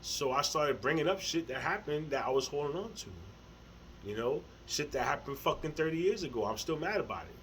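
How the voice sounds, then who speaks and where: A man's voice: fairly high pitch, animated, brisk, poor audio. Middle-aged man, casual spiritual talk to camera, slangy and profane, stumbling repeats, faint background hiss. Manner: rambling, repeats words, heavy slang and swearing; earnest, laughs softly between thoughts. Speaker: spiritual vlogger.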